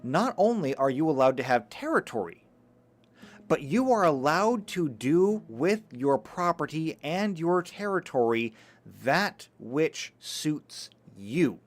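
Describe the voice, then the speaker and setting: Slow-paced and slightly high-voiced, a man gives a live lecture while reading chat comments. He is animated and emphatic, with occasional stammered restarts.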